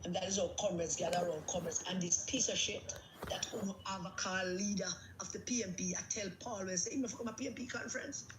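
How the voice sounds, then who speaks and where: A woman's voice: mid-range voice, fairly even intonation, quick pace, roomy sound, background noise. A woman with a Jamaican accent delivering an angry, emphatic political rant, repeating herself for force. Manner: agitated, emphatic, repetitive. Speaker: political commentator.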